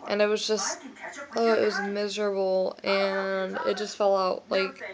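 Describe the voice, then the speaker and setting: A woman's voice: mid-range voice, completely flat delivery, unhurried, crowd noise, poor audio. A young woman chatting casually to her camera as a vlogger, answering viewer questions in a rambling way with many fillers. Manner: rambling, many ums and likes. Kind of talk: casual chat.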